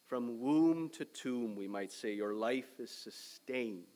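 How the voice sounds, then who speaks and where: A man preaching a sermon as pastor, measured and emphatic, with a young son. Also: medium pitch, animated. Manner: measured preaching, loud emphatic start easing to quieter reflective tone.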